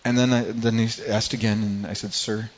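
Halting preacher man, dull lo-fi sound. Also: lowish voice, flat delivery. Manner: halting, repeats words, quiet when moved. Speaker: pastor. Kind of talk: sermon with personal story.

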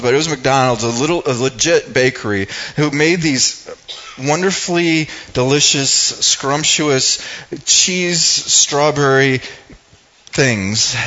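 Older man, mid-pitched, folksy storytelling preacher who rambles with restarts, slightly muffled lo-fi recording. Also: a bit bright. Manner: rambling and conversational, with many restarts and asides. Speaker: speaker giving a devotional talk. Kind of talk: personal storytelling sermon.

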